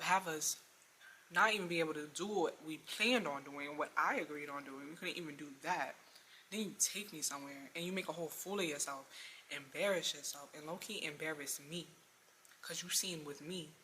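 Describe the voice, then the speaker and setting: A young woman tells an exasperated storytime tale in a slangy, animated way. Her voice is bright and forward. A faint hiss sits under the recording. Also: low voice, moderate pace. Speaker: vlogger. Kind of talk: storytime vlog.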